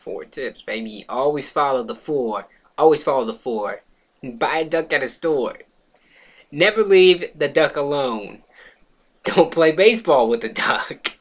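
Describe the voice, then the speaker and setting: A young man rambles through a comic story at a vlog camera. He swears freely and laughs as he goes. His voice sits at an ordinary pitch for a man. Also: unhurried. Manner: swears freely, laughs while telling, gets loud and excited at the funny parts. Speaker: vlogger.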